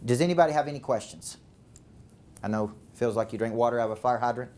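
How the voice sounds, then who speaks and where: A man's voice: medium pitch, fast, a little mellow. Southern male sales coach, emphatic talk with repeated words and rhetorical questions. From Tennessee.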